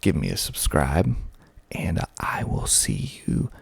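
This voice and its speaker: A man, hosting a soft-spoken ASMR video, speaking slowly and deliberately into a close mic with a pop filter, with wry asides. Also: deep voice, wildly swooping pitch, gravelly, slightly rough, no echo. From Georgia, USA. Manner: slow, deliberate, half-whispered delivery with wry asides. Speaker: ASMR channel host.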